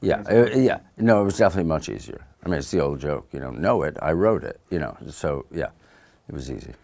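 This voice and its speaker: A man with an extremely low, deep voice talks in a relaxed conversational interview. He is thoughtful and unhurried, and his sentences often trail off softly. The recording is clean studio sound. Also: vocal fry. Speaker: actor and author being interviewed. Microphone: studio microphone.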